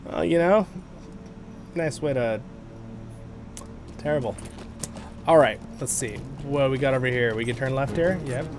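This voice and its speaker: Over background music, a man with a medium-pitched voice hosts a livestream, walking viewers through a video game in a relaxed way. He speaks unhurriedly and pauses often, chatty and rambling, correcting himself as he goes.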